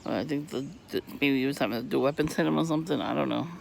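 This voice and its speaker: A man ranting casually outdoors on a residential street, profane and irritated, coughing and clearing his throat from asthma while he laughs often. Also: medium pitch, fast talker, slight background noise. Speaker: vlogger. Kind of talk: rambling casual monologue.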